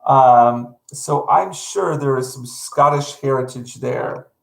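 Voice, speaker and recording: A man's voice: medium pitch, takes it slowly, gravelly, fairly bright tone. A middle-aged man from North Carolina, chatting casually with stream viewers in a rambling, self-correcting, friendly way. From North Carolina, USA. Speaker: live art streamer. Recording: echoey room.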